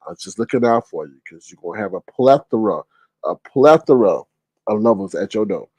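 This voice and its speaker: A man casually hosting a livestream, reading chat aloud in a joking, animated way and laughing often. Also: brisk, slightly rough, no echo. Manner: animated, joking, laughs often, jumps to high-pitched exclamations.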